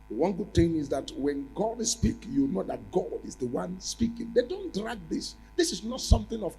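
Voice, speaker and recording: A man preaching a prophetic sermon, repeating his phrases and breaking into sudden loud rises. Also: sits high, very animated, moderate pace, a little hiss or hum, poor audio.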